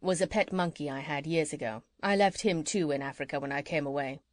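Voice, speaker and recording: A woman reading an audiobook and voicing a kind, curious male doctor with polite, gentle questions. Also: low voice, fairly quick, no echo, pitched below the performer's own voice, close to an everyday voice. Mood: inquiring. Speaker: audiobook reader.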